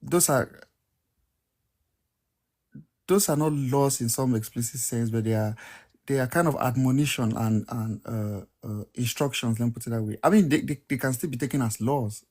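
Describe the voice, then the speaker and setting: A man's voice: medium pitch, normal speed, a little mellow. A man in a casual debate on a podcast, explaining and defending his view in an earnest way. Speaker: podcast co-host.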